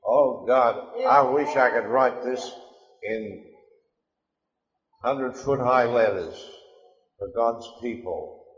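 Impassioned preacher in an echoey hall. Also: male voice, mid-range voice, takes it slowly, pauses often. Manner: impassioned, emphatic, rising and falling. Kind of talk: sermon. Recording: echoey hall, dull lo-fi sound.

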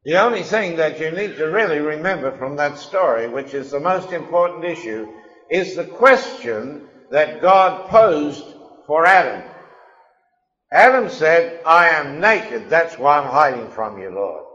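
A man preaching a sermon, emphatic and impassioned, swinging between quiet asides and loud declarations. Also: fairly high pitch, expressive, unhurried. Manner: impassioned, emphatic, rising and falling. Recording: echoey hall, dull lo-fi sound.

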